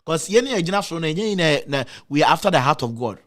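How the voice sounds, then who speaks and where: Ghanaian guy with a high voice getting all emotional telling his story, lots of repeating. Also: expressive, fast. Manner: emotional, repetitive, with dramatic pitch swings. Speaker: guest telling a personal story. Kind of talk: emotional storytelling, switching between Twi and English.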